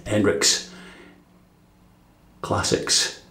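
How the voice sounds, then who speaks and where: Brief: rambling, easygoing Scottish guy, lowish voice, recorded in a roomy space at home. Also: moderate pace. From Dundee, Scotland. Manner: chatty and rambling, with filler words and chuckles. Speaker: shaving vlogger. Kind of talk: casual product review. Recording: echoey room.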